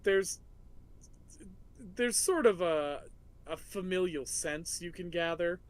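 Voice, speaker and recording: A man's voice: high-pitched, expressive, slow pace. A man narrating and running a tabletop game as game master, playful and descriptive.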